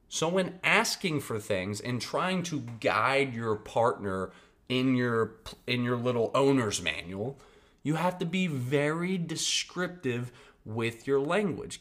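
A man's voice: mid-range voice, fairly bright tone. A man hosting a podcast, giving casual advice in a blunt, profane, emphatic way and often checking in with his listeners. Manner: conversational, checks in with "right?" and "okay?". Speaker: podcast host.

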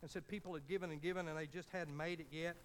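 A man's voice: a little high, fairly even intonation, quick pace, slight background noise, rough recording. A man preaching a sermon, telling a folksy story as pastor and building to fervent appeals.

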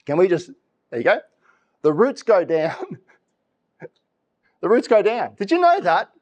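A man's voice: high voice, a little slow. A middle-aged man preaching a sermon, telling stories with laughs and acted-out voices. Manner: animated storytelling, laughs often, acts out voices. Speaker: pastor.

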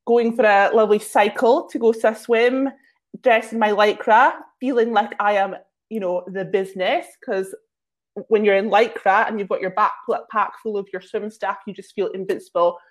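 A woman's voice: mid-range voice, steady tone, normal speed. A woman guest telling casual, self-mocking anecdotes, full of filler words. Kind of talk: casual storytelling.

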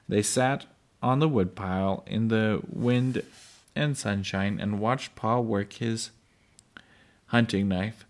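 A man reading a chapter book aloud to his children at bedtime, unhurried, with occasional slips and restarts. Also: fairly low pitch.

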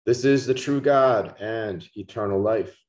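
Langsamer, tiefer Prediger mit Nachdruck. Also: male voice, fairly low pitch, a little mellow. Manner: slow, emphatic, repeats key words. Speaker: preacher. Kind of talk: sermon. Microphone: podcast microphone.

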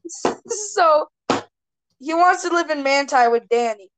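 High-pitched teasing teen girl. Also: a little slow, background noise. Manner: teasing, giggly, steers the topics. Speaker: podcast host. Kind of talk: casual chat among friends.

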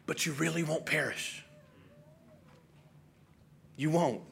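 A man preaching a sermon, earnest and full of rhetorical questions, swinging from hushed and soft to loud and emphatic. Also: a little high, animated, moderate pace, a little hiss or hum. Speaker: pastor.

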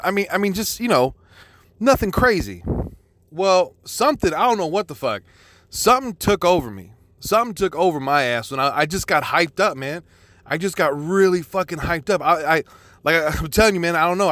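A man's voice: a little high, a bit bright, no echo. A man telling a personal story in a casual, profane, rambling way, full of restarts.

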